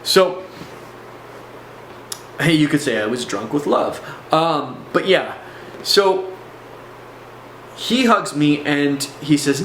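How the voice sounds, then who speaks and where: A man's voice: a little high, animated, slow pace, pauses often, fairly bright tone. A man casually recounting a personal experience to his viewers, conversational and digressive, with asides to the audience. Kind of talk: casual first-person storytelling to camera. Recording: echoey room with faint background hum.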